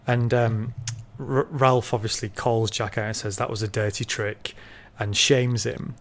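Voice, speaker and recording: A man's voice: fairly low pitch, flat delivery, measured pace. A man co-hosting a casual book discussion podcast, retelling scenes in a chatty way with fillers. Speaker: podcast co-host discussing a novel.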